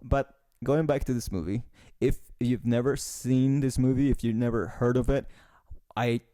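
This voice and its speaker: Young male podcast host, easygoing storyteller with a teasing streak, average-pitched voice. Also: fairly even intonation, moderate pace, mellow, dry recording, studio quality. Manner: rambling storyteller, teasing, frequent restarts. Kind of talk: casual chat.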